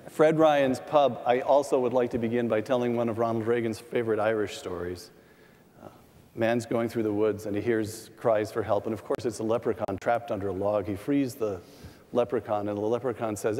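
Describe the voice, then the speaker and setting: A man and former speechwriter speaking on a panel, telling humorous anecdotes and reflecting in a measured way. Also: medium pitch, a little mellow, slight background noise. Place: large hall with long reverb. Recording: echoey hall, from a distance.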